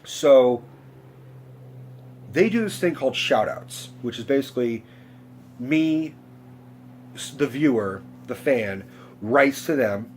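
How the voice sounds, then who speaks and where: A young man talks straight to his vlog audience in a loose, rambling way. He swears freely, trips over his own sentences and restarts them, and his voice sits at an ordinary middle pitch. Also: expressive, takes it slowly, long pauses, a little mellow, a little hiss or hum. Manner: rambling, profane, self-interrupting. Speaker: vlogger.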